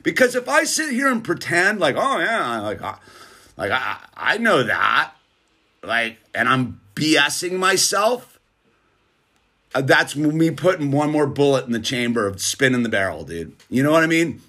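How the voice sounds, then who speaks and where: A middle-aged man hosting his own channel, giving a casual motivational monologue in a slangy, laid-back way, speeding up and slowing down for emphasis. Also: a little high. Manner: laid-back slangy, keeps saying "dude"; animated, swings between fast bursts and slow emphasis. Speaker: channel host.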